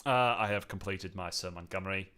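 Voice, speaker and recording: An Australian man runs a relaxed live chat, breaking into laughter often. He reads viewers' comments aloud and keeps the talk rambling and friendly. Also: sits low, brisk, smooth. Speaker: show host. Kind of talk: casual livestream chat.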